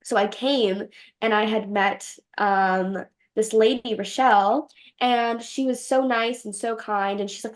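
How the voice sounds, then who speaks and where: A woman's voice: a little high, measured pace. A young woman telling a story as an interview guest, bubbly and giggly, acting out her own reactions in quoted lines. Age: young adult. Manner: bubbly, giggly, quotes herself in animated voices. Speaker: podcast host and guest.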